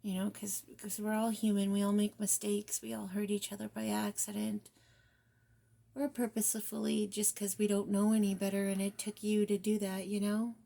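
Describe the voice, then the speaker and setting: A woman gives a spiritual guidance card reading in a mellow, gravelly voice full of vocal fry. Her pitch stays flat and even as she talks in a soft, reflective way, often sinking to near-whispers. She slips in casual swearing between gentle encouragement. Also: moderate pace. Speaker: tarot reader.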